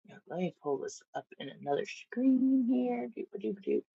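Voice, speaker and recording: A woman's voice: a little high, sing-song, moderate pace, creaky, slightly rough. A woman chatting casually on a home live stream about her fish tanks, rambling and giving her fish silly voices. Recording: dull lo-fi stream audio.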